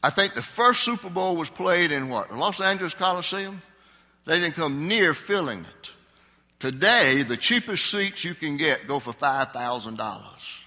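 A man's voice: fairly high pitch, lively intonation, normal speed, pushed and bright. An older man preaching a conversational Sunday sermon, asking his congregation questions. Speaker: pastor. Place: church sanctuary. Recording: long hall reverb.

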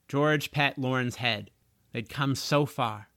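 A man narrating a chapter of a children's fantasy audiobook in a slow, expressive storytelling manner. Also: medium pitch, dry recording, studio quality.

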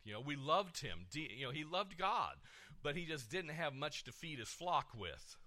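A middle-aged male pastor giving an animated sermon, dropping soft then surging loud, with repeated words. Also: fairly high pitch, moderate pace.

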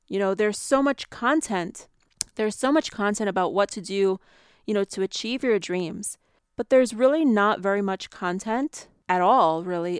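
A woman's voice: mid-range voice, clean tone, dry recording, studio quality. Angry ranting woman podcaster. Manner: angry ranting, swearing, many fillers. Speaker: podcast host. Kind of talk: solo podcast monologue. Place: New York.

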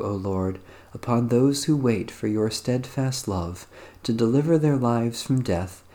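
Man reading night prayers real slow, soft warm voice, solemn and steady. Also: mid-range voice. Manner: measured, solemn liturgical reading. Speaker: prayer leader. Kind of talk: slow recited evening prayer.

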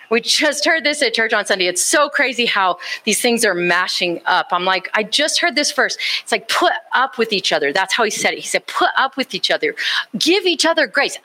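A woman preaching a live sermon in a casual, personal way, animated and conversational, with rising emphasis. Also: a little high.

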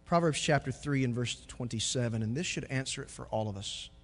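A pastor preaching a sermon, moving from quiet reflection to loud, joking stretches. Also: male voice, mid-range voice, brisk, big-room sound.

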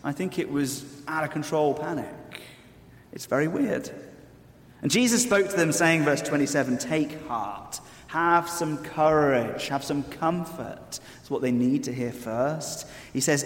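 A man's voice: mid-range voice, a little mellow. A man preaching a sermon, earnest and explanatory with wry asides. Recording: echoey hall with long reverb.

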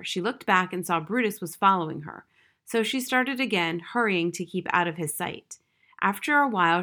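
A woman reads a children's novel aloud at a medium pitch. Her delivery is steady and expressive, shifting voices for the characters. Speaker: narrator. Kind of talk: audiobook reading.

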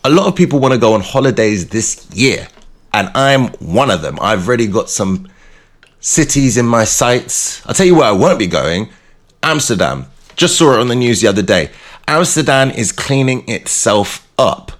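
Animated English man telling a story. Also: mid-range voice, moderate pace. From England. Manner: animated, theatrical storytelling with mimicked voices. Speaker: radio host. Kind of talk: casual chat with storytelling.

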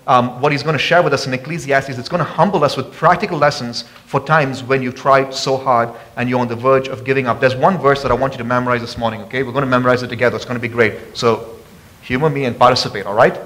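A man preaching a sermon as pastor, passionate and calling out to the congregation for responses, often rising loud and high for emphasis. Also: fairly even intonation, fast. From abroad. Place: church sanctuary.

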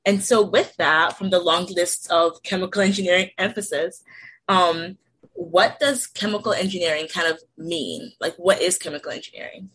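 A woman's voice: fairly low pitch, normal speed, a bit bright, husky, rough recording. A woman in her twenties from Delaware, moderating a student podcast in a casual, lightly scripted way. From Delaware, USA. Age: 20s.

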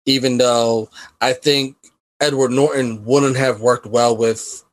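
Relaxed male podcast co-host. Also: medium pitch, takes it slowly, rough recording. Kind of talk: casual chat.

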